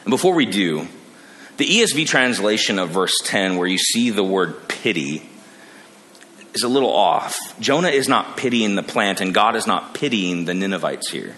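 A man preaching a sermon, animated, acting out the characters he quotes. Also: lowish voice, moderate pace. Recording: long reverb of a large hall.

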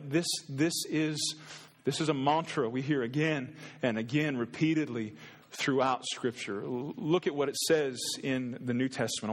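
A man preaching a sermon as a pastor, earnest and conversational, often restarting his words. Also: a little high. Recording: long reverb in a hall.

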